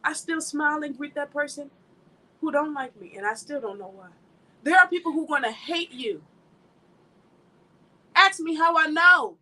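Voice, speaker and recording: Woman minister, high bright voice, emphatic and chatty, mixes preaching with personal stories. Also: moderate pace, poor audio. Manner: emphatic, conversational, laughs while telling stories. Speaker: ministry speaker. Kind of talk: informal sermon with personal anecdotes.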